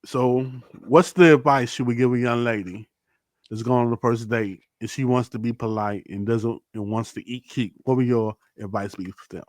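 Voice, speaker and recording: Podcast host, male, playful list-giver with mock-serious verdicts, mid-pitch, dry close sound. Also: steady tone, moderate pace, a little mellow, no echo. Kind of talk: casual chat.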